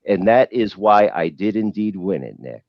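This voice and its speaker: Casting: man with a very low voice, emphatic collector chatter, dull dry call audio. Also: animated, normal speed, dry recording. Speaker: comic art collector. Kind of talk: casual panel discussion. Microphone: video call.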